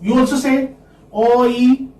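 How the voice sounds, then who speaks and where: A man teaching English phonetics to a class in a lecture style, slowly repeating each word so the students can copy it. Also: very high voice, steady tone, mellow, distant mic. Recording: echoey classroom, speaker off-mic, faint noise.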